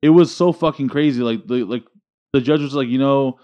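A man's voice: mid-range voice, brisk, dark tone. A man telling a story in casual chat, profane and slangy, full of dude and bro.

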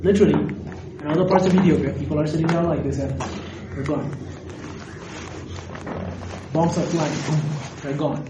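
A man preaching a sermon, animated and questioning his audience directly. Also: fairly high pitch, moderate pace, long pauses, noisy background. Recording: echoey hall recorded from a distance.

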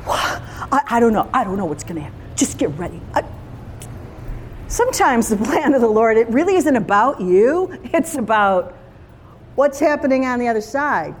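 A woman's voice: fairly high pitch, sing-song, moderate pace, a little hiss or hum. A woman preaching a sermon in a conversational, emphatic way, full of rhetorical questions.

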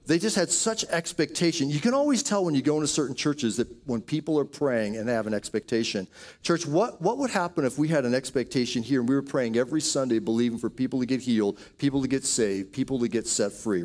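A man's voice: medium pitch, darkish tone. A man preaching a sermon, telling healing stories in a storytelling way with quoted asides. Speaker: pastor. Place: church auditorium.

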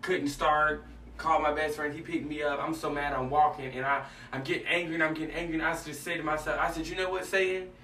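Man, bright forceful voice, animated storyteller, echoey room, mic a bit far off. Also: fairly high pitch, fast. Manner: animated storytelling, acts out dialogue. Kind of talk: casual faith talk. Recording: echoey room, mic at a distance, faint noise.

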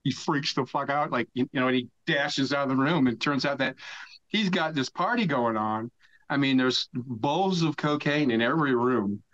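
Older American man, mid-pitch, swearing raconteur, dull dry lo-fi recording. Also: moderate pace, fairly bright tone, no room sound. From United States. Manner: profane, rambling storyteller who laughs mid-story. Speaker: podcast guest. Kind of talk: casual storytelling.

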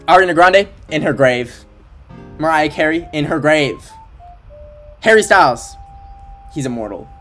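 A man livestreaming a game in casual chat, excitable and emotional, gushing over what he sees, at his desk at home. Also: fairly high pitch, measured pace, pauses often. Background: faint game music.

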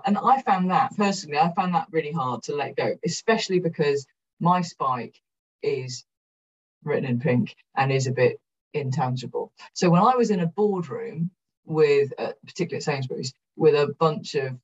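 Woman, Welsh accent, middle-aged, blunt self-mocking keynote speaker, husky, muffled recording. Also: low-pitched, normal speed, distant mic. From South Wales. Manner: frank and energetic, swears casually, self-deprecating. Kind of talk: candid conference talk. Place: conference room.

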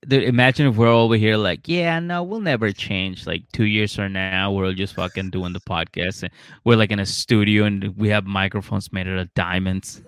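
A man co-hosting a podcast in casual chat, retelling scenes with lively acted-out voices and frequent laughter. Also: sits low, moderate pace, clear, resonant tone, no echo, studio quality. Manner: animated storytelling, acting out voices, laughing often. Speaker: podcast co-host.

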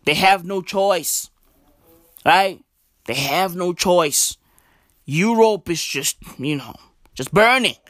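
A man from South Africa hosting a casual, profane rant on his show, animated and forever tacking on "right?". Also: high voice, slow pace, pauses often, no room sound, clean studio sound. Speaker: podcast host.

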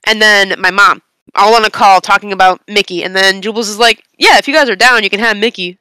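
A young woman on a casual podcast, telling a long story in an animated, rambling way with bursts of laughter. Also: mid-range voice, a little fast, clean tone, dry recording. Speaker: podcast co-host.

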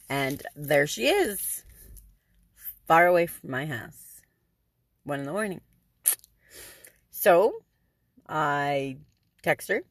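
A middle-aged woman tells a story in a casual, chatty way, with lots of ums and dry sarcasm. Her voice sits low and has a gravelly fry. The sound is close and dry, with no room around it. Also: dry recording. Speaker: podcast host.

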